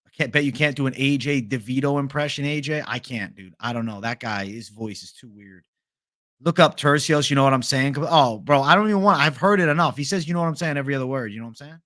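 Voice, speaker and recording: A man's voice: medium pitch, fairly quick, a bit bright. A young man hosting a casual livestream, swearing freely and reading viewer chat aloud. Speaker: livestream host.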